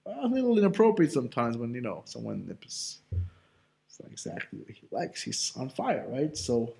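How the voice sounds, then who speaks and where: Animated man teaching a Torah class. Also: mid-range voice, normal speed, gravelly. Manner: animated and conversational, full of casual fillers; asks himself rhetorical questions. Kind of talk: informal Torah lesson.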